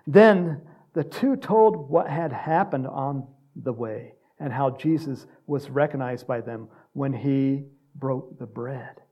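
A man leading a Bible study in a casual, conversational sermon style. He fills his talk with "you know" and quick chuckles. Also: medium pitch, dark tone. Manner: conversational, many fillers, chuckles.

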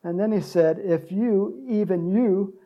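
A man preaching a sermon, joking with the congregation and breaking into loud shouts to act out cheering crowds. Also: high voice, measured pace, dull audio. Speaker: pastor.

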